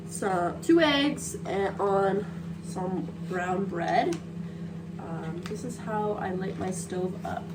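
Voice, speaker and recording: A woman's voice: mid-range voice, very noisy. A woman vlogger chatting casually and playfully on a handheld phone, outdoors on a seaside cliff. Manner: chatty, playful, talks to her dog. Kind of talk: casual vlog narration.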